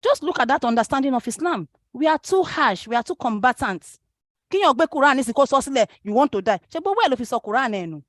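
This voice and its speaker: Fast-talking Nigerian woman exhorting an audience. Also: sits high, lively intonation, dry recording, studio quality. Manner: exhorting, rhetorical questions, mixes Arabic and Yoruba phrases. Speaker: speaker at a parenting talk. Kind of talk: impassioned religious talk.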